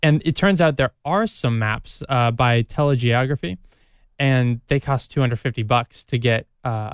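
A man co-hosting a radio show, explaining things in a halting way with many fillers. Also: medium pitch, clear, resonant tone, no room sound. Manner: hesitant, many fillers and restarts. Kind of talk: casual radio chat.

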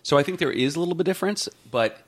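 A man's voice: fairly high pitch, rapid-fire. A man hosting a tech podcast, talking in a chatty, joking way. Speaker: podcast host. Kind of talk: casual tech podcast chat.

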